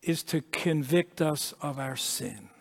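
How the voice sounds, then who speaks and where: A man preaching a sermon with emphasis, repeating words and dropping to a hush at key points. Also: on the high side, lively intonation, slow pace, husky. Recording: long echo of a large hall.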